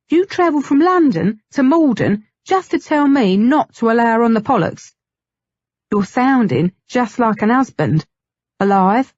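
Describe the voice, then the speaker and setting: A woman's voice: mid-range voice, a little mellow, husky, dry recording, muffled recording, natural voice. A woman voicing a blunt, teasing, motherly woman who calls the hero "lad", in an audiobook reading. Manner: tart, mocking, calls him lad.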